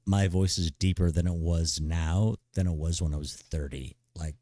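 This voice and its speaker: A man's voice: deep voice, steady tone, moderate pace, dark tone, no echo, clean studio sound. A middle-aged man streaming live, giving blunt, profane big-brother advice in a laid-back way and saying "dude" constantly. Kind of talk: casual live-stream chat.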